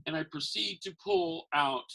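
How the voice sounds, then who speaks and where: Animated husky man telling stories. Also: moderate pace. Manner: animated, acts out quotes with big pitch jumps. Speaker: podcast guest, magician and Santa performer. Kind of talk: casual storytelling.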